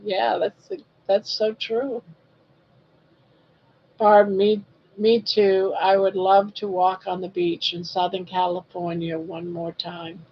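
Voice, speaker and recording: A woman's voice: mid-range voice, level tone, slow pace, husky, muffled recording. A woman in her sixties hosting a casual live stream, chatting and reading viewer comments aloud in a teasing, friendly way. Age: 60s. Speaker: live-stream crochet host.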